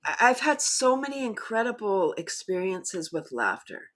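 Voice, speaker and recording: A middle-aged woman who leads laughter yoga, talking as a guest in an animated way and often breaking into demonstration laughs. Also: medium pitch, moderate pace. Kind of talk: conversational interview.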